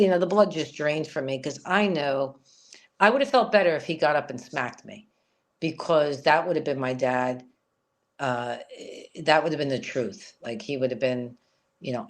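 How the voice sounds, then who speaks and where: Frank woman telling a personal story. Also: rumbling low. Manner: frank, rambling, lots of "you know". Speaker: interview guest.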